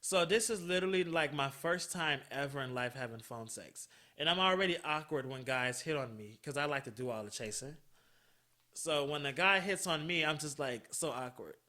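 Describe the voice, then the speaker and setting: A man hosting a podcast, telling a personal story in a casual, animated way, swearing freely and laughing often. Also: a little high, moderate pace. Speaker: podcast host.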